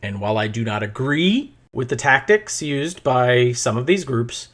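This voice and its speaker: A man's voice: mid-range voice, fairly bright tone. A man hosting a podcast, delivering solo political commentary in a profane, angry rant that he breaks up with mocking put-on voices. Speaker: podcast host.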